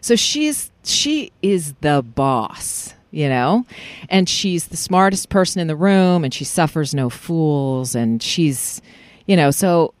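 A woman voice actress chatting casually in an interview, animated and full of fillers and restarts. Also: deep voice, unhurried, few pauses, no echo. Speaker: voice actress guest. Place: parking lot.

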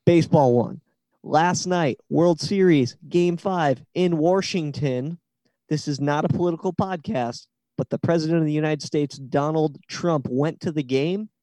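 A man's voice: a little high, a little slow, dark tone, no echo. Chatty man spinning a long story. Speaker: podcast co-host. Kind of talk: casual chat.

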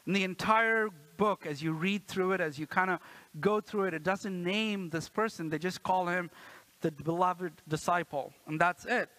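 A man's voice: high-pitched, normal speed, bright, forceful tone, dry recording, poor audio. A man in his thirties preaching a sermon in a church, chatty and playful, often asking the congregation "right?" and acting out quotes. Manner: playful, acts out quotes with a raised voice. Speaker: pastor.

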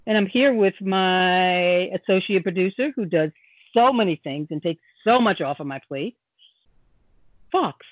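A woman's voice: on the low side, measured pace, no echo. Older woman, radio host, playful chatty manner, tinny narrow audio, dry studio. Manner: playful, jokey, chatty with fillers. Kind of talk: casual radio chat. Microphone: studio microphone.

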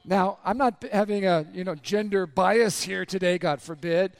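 Male pastor with a high voice and a slightly raspy throat, lively sermon full of crowd questions, dry close sound. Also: moderate pace, no room sound. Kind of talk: sermon to a congregation.

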